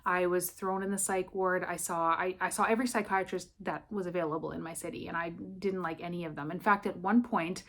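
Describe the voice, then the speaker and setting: A woman's voice: on the low side, fairly even intonation, brisk, few pauses. A woman vlogging at home in her apartment, retelling a personal story in a candid, rambling way full of "I'm like" asides.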